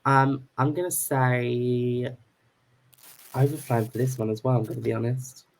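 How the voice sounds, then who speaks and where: Podcast co-host, mid-pitched, blunt and loose, casual chat. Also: fairly even intonation, moderate pace, a little hiss or hum, rough recording. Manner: blunt, swears casually, reads bios aloud.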